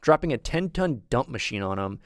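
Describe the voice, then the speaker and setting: A man's voice: medium pitch, very animated, a little fast, no room sound, clean studio sound. A man co-hosting a casual gaming podcast, chatty and enthusiastic, with many restarts. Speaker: podcast co-host.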